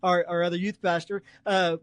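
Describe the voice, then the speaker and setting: A man's voice: high-pitched, flat delivery, moderate pace, a bit bright, slight background noise. A man hosting a podcast, asking questions and encouraging his guest in a chatty, casual way. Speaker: podcast host, worship pastor. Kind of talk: casual interview.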